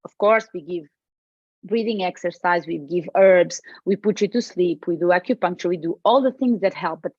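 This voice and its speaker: A medicine practitioner with a Portuguese accent is interviewed on a podcast, speaking in a lowish voice at a moderate pace. She comes across as animated and emphatic, going over the same points repeatedly. The sound is lo-fi, without room sound.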